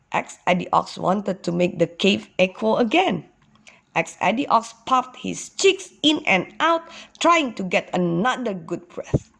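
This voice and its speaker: A woman teacher reading a storybook aloud to young children with a slow, sing-song delivery. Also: medium pitch, vocal fry, breathy edge.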